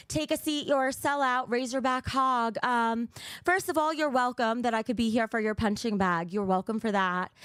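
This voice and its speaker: A woman's voice: on the high side, a bit bright, no echo, clean studio sound. A young woman streaming live, talking bluntly and cursing as she reads out viewer donations, a little out of breath. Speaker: livestreamer. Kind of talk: casual livestream chat.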